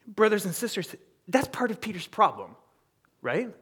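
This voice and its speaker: A man preaching a sermon in an animated, conversational way, acting out quoted dialogue and checking in with the congregation. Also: high-pitched, moderate pace, breathy edge.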